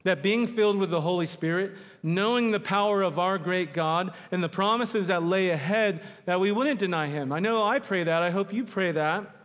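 A man preaching a sermon, emphatic, slowing down to stress key words. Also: high voice, a bit bright. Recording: long hall reverb.

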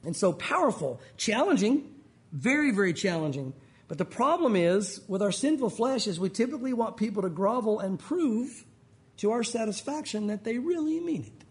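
A male pastor preaching a sermon, animated and folksy, with joking asides to the congregation. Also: high-pitched, moderate pace.

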